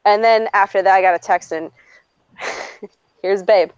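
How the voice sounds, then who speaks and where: A woman's voice: mid-range voice, fairly even intonation, measured pace, clean tone, no echo. A blunt woman rambles through a story, swearing freely and breaking into laughs between lines. Her voice sits mid-range for a woman. The sound is dry, close and a little dull, like a cheap home mic. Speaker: streamer host. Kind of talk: casual storytelling chat.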